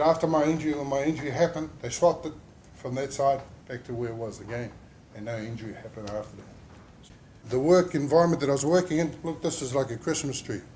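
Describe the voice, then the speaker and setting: A man's voice: mid-range voice, darkish tone. A man tells a heartfelt story about his workplace injury, rambling and full of "you know"s. His voice sits in a middle range, and a faint hum of noise lies behind it. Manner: emotional, rambling storyteller with many fillers. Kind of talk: safety talk testimony.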